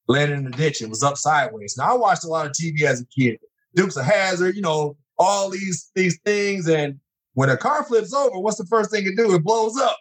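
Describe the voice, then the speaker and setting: Middle-aged man, guest storyteller, animated, slightly higher voice, acts out every scene. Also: moderate pace, breathy edge, low-quality recording. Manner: lively, acts out scenes with sudden high-pitched exclamations. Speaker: guest telling personal stories.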